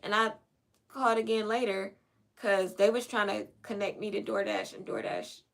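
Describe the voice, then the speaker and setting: A woman's voice: mid-range voice, sing-song, normal speed, gravelly. A woman hosting a podcast from her own room, telling a story casually to listeners and acting out both sides of phone calls with lots of animation. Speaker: podcast host.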